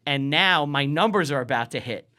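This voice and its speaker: A man's voice: on the high side, animated, moderate pace, sharp tone. A man telling a long story on a podcast, casual and profane, acting out what people said. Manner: rambling, profane, acts out quotes. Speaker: guest storyteller.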